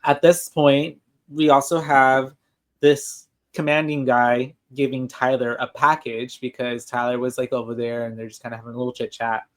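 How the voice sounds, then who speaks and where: A man's voice: mid-range voice, little pitch movement, moderate pace, a bit bright. Casual man recapping a movie. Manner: rambling, filler-heavy recap. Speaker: podcast co-host. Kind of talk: casual chat.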